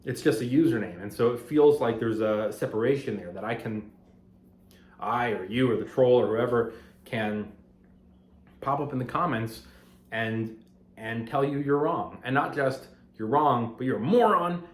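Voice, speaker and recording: A man's voice: mid-range voice, moderate pace. A man who makes finance videos, talking at home in a rambling, conversational way that grows heated and emphatic. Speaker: finance content creator. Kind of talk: casual talking-head vlog. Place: apartment at home. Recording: roomy echo of a home room.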